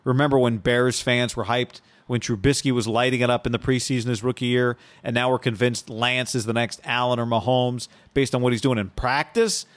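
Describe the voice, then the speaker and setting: A man's voice: medium pitch, brisk, few pauses, dry recording. A man co-hosting a casual sports podcast, reading viewer comments aloud and talking them over. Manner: reads viewer comments aloud in a flat run. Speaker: podcast co-host.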